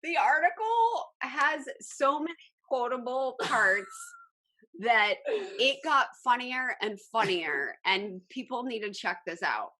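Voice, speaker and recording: A woman co-hosts a casual podcast chat. She speaks slowly in a bright voice and pauses often with ums. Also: a little high, sing-song. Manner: slow, halting, with many ums. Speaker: podcast co-host.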